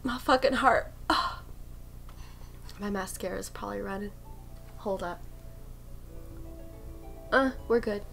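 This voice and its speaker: A woman's voice: medium pitch, slow pace, creaky, pauses often, a bit bright, faint music behind. A young woman casually commentating a story game she plays, chatty, swearing a lot and laughing often. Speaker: gaming streamer. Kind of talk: casual let's play commentary.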